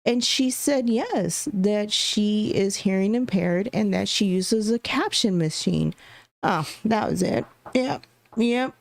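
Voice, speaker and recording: A woman's voice: mid-range voice, expressive, slow pace, gravelly, dry recording. A young adult woman co-hosting a casual podcast chat, telling candid stories about her work calls and laughing often. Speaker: podcast co-host.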